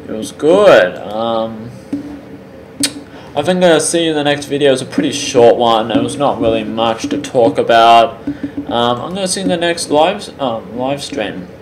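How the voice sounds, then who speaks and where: Halting man rambling through a review. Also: medium pitch, animated. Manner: halting, many ums and restarts. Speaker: channel host reviewing wrestling. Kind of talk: unscripted casual review. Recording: roomy with faint background hiss.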